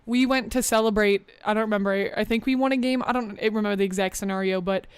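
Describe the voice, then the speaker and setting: A young woman VTuber streamer chats fast in a smooth, clear, medium-pitched voice, sounding a bit out of breath. She is relaxed and scattered, reads chat aloud, and laughs often, with close, dry sound and no room echo.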